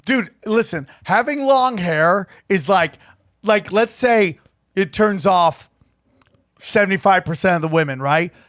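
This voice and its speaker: A man co-hosting a podcast, telling profane, animated stories in casual chat and acting out the people he quotes. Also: high-pitched, a little slow, no room sound, clean studio sound. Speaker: podcast co-host.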